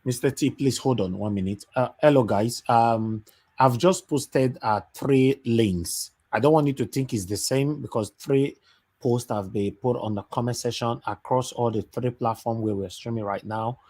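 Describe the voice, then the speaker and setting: A man's voice: medium pitch, moderate pace, a little mellow. A man hosting a live stream, urgently repeating instructions to his viewers. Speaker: livestream host. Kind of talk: live stream talk show.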